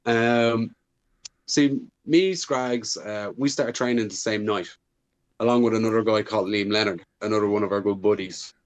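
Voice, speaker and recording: A man's voice: lowish voice, steady tone, normal speed. A man, a wrestler guest on a podcast, chatting casually and rambling with lots of fillers.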